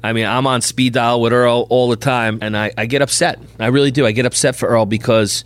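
Animated middle-aged man telling stories. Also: mid-range voice, a little fast. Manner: animated anecdote teller, acts out dialogue. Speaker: bail bondsman. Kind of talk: podcast storytelling.

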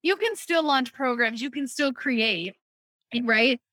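A woman with a bright, forceful, slightly high voice explains spiritual concepts in an upbeat, conversational podcast style. The sound is dry and close, with no room around her, and she keeps checking in with the listener as she goes. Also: lively intonation, takes it slowly, no echo. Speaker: human design reader, co-host. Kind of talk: casual podcast chat, explaining.

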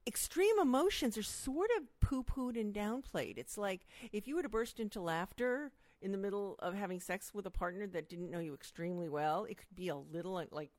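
A woman's voice: brisk, few pauses, dry recording. A middle-aged woman, a sex educator being interviewed, talking expressively and acting out quotes. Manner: expressive, acts out quotes with big pitch jumps. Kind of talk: animated interview conversation.

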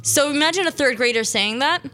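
A woman's voice: high-pitched, expressive, a little fast, bright, forceful tone, faint music behind. A teenage girl from Syria hosting a small radio show, chatting in a rambling way with lots of fillers. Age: teens. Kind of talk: casual chat.

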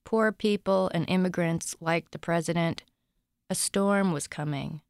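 A woman reading her own short story aloud in a calm, measured, deadpan way. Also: on the low side, vocal fry, clear, resonant tone, dry recording, clean studio sound. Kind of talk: literary reading.

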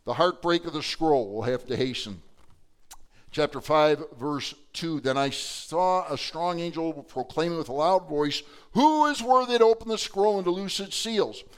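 A middle-aged male pastor preaching a sermon, animated, acting out quotes with sudden swings between loud and soft. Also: fairly high pitch, normal speed, clear, resonant tone.

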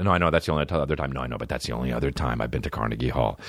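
A male comedian and podcast host telling a profane, animated personal story in casual chat. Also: very deep voice, rapid-fire, few pauses, no echo, studio quality.

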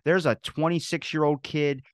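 A man who is a guest on a podcast, chatting casually and rambling through quick anecdotes, full of fillers. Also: on the high side, steady tone, clean tone, no room sound, clean studio sound. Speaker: podcast guest, food truck owner. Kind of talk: casual chat.

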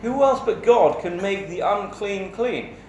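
A man preaching a sermon in a measured, emphatic way, asking rhetorical questions. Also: high-pitched, lively intonation, slight background noise. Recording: echoey church hall with faint ambience.

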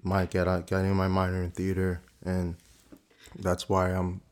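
A young man in his twenties, a guest actor, telling his story in a relaxed, casual way with lots of fillers. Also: low voice, measured pace. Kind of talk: casual interview conversation.

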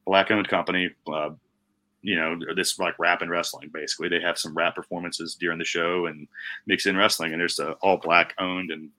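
Deep-voiced rambling young man. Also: little pitch movement, a little fast, pushed and bright. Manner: rambling, swears a lot, says bro and dude. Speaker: podcast co-host. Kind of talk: casual chat.

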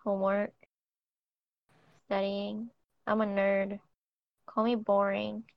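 A young woman co-hosting a podcast, chatting casually in a relaxed, slightly sleepy way. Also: a little high, no echo, muffled recording. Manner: relaxed, drawn-out, yawning. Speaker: podcast co-host. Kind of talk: casual chat.

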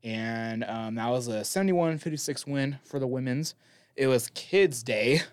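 A man's voice: medium pitch, unhurried, clear, resonant tone, dry recording. Chatty young man, campus game announcer. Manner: chatty, upbeat, rambling storyteller. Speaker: college sports broadcaster and podcast co-host. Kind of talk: casual sports recap chat.

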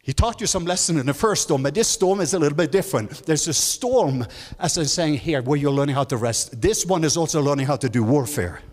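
A man preaching a sermon as guest speaker, leading the congregation in call-and-response and climbing to high, emphatic lines, with non-native English phrasing. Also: expressive, brisk, hardly any pauses, darkish tone. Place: large church hall. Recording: church hall reverb.

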